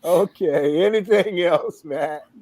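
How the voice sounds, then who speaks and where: A man's voice: sits high, slow, dark tone, no echo. A man hosting a casual interview, wrapping it up with brief, joking asides.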